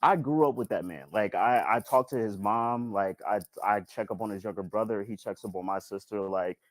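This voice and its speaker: Relaxed man with a dry close sound. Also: lowish voice, no echo. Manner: relaxed, drawn-out filler-heavy talk. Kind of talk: casual group chat.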